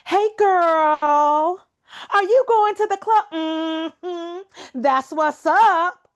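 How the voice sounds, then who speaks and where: A woman's voice: very high-pitched, drawn-out words, highs cut off, voice pushed up, heavily acted. A woman putting on an exaggerated caricature of a sassy young woman, brash and drawling. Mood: mocking.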